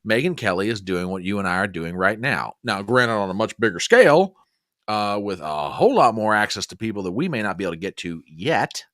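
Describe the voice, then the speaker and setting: A man with a very low, yet bright and forceful voice hosts a live stream chat. He speaks in a measured, folksy way with set phrases. The sound is dry and close to the mic. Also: very animated, no echo. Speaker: host.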